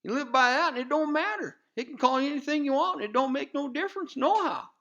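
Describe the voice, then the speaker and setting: A man playing a loud-mouthed, bigoted redneck commentator with a rural Southern US accent, rambling in a folksy drawl full of fillers on a comedy news show. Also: very high-pitched, fast, lo-fi sound, full character voice. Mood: ranting. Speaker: satirical news pundit. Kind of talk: comedic character monologue.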